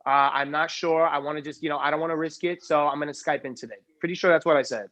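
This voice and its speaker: A man's voice: a little high, steady tone, fast, a bit bright, muffled recording. A man arguing defensively in casual podcast talk, rambling and repeating himself. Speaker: podcast guest. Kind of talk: heated casual argument.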